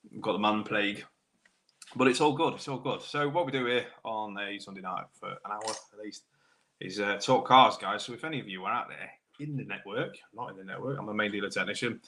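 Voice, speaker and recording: A British man, a car technician, hosting a live stream, chatting casually with viewers by name while clearing a sore throat. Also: on the low side, brisk, bright, forceful tone. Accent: British English. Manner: chatty, matey banter, greets viewers by name. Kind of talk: casual live-stream chat reading comments.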